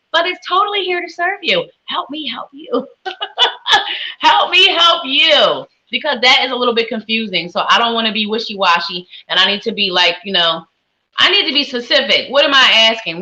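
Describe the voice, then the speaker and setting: A woman's voice: on the high side, bright, forceful tone, poor audio. A woman hosting a live psychic stream, giving tarot readings and greeting viewers in a sing-song, effusive way. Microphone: webcam with ring light.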